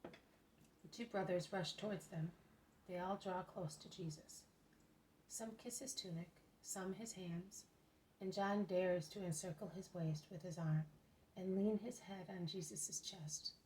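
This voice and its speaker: A woman reading a religious book aloud as an audiobook narrator, in a steady, measured way. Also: lowish voice, a little hiss or hum, low-quality recording. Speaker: reader.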